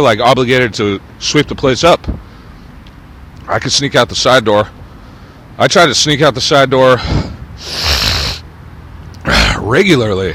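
Man, ordinary mid pitch, rambling profane rant, faint background noise. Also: fairly bright tone. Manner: profane, ranting, drifting between topics. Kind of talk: rambling monologue.

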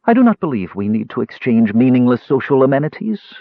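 A man voicing a proud young woman cleric who speaks crisply, coldly and formally, in an audiobook reading. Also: medium pitch, big pitch swings, a little fast, no room sound, voice pushed up. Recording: dull lo-fi dry recording.

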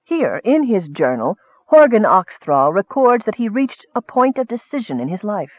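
A man's voice: high-pitched, big pitch swings, normal speed, no room sound. A man narrating an audiobook, with scholarly asides addressed to a superior, heard through a thin, phone-like recording.

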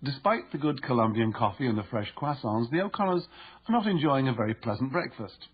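A man reading his own book aloud as narrator, in a measured, explanatory way. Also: medium pitch, lively intonation, dull audio, slight background noise. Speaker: author and narrator. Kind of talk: audiobook narration.

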